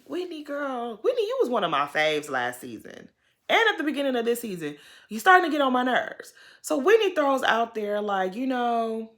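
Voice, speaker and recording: A woman's voice: mid-range voice, a bit bright. A woman giving an opinionated, casual recap of a reality TV episode, full of "girl" asides and pointed questions. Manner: sassy, opinionated, calls people "girl". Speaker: TV recap host.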